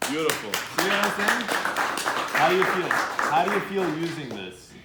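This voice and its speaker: A man's voice: fairly high pitch, big pitch swings, moderate pace, a loud crowd, heavy background noise. A man coaching university students on confident speaking at a live workshop, talking directly and acting out hesitant speakers. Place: event room with students. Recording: echoey room with faint background ambience.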